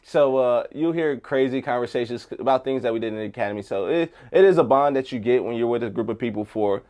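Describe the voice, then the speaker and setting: A man's voice: mid-range voice, darkish tone. Jokey middle-aged fireman. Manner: jokey, quick reactions, laughs a lot. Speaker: firefighter. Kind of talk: casual podcast conversation.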